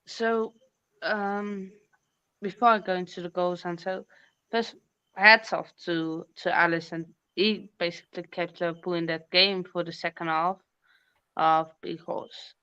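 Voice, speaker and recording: A woman giving her take as a guest in a casual football review, hesitant with many pauses and restarts. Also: fairly low pitch, pushed and bright, smooth, muffled recording. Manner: hesitant, many ums and restarts, occasional laughs. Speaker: co-host guest.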